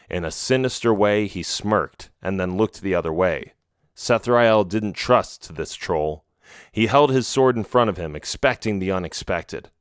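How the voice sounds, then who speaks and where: A man narrating a children's adventure storybook with a low, steady voice. His reading is measured and even. The sound is dry and close to the mic. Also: clear, resonant tone, no echo. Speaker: audiobook narrator.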